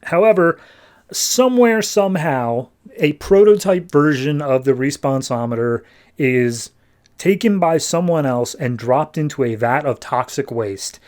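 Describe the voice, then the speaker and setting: A podcast host recaps a comic casually, chatty and joking as he acts out the characters in different voices. His voice is a little high, expressive, and a little slow.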